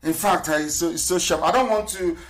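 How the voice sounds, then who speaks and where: A middle-aged political broadcaster delivers an impassioned live radio lecture in a high, slightly fast voice. He poses rhetorical questions, spells words out letter by letter, and swings between loud and hushed.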